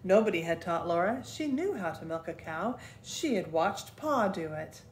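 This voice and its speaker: An older woman, a grandmother, gently reading a children's book aloud as a storyteller. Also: on the low side, expressive, moderate pace, echoey room, slight background noise.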